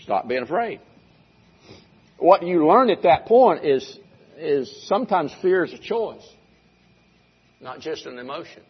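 An older male pastor delivers a sermon in a husky voice, pressing his points by repeating them. The recording sounds dull and muffled, as if taped in the church room. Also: fairly high pitch, expressive, measured pace, pauses often. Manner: preaching with emphatic repeated phrases.

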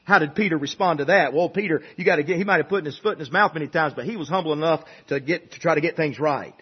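Husky high-voiced preacher man. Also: fast, muffled recording. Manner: conversational preaching, rising to emphatic peaks. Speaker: pastor. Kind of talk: sermon.

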